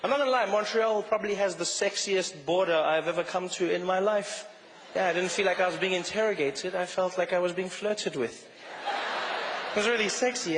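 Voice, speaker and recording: A man doing stand-up comedy in an animated, joking, conversational way, recorded live in a comedy venue. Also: a little high, fairly quick. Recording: echoey live hall with background noise.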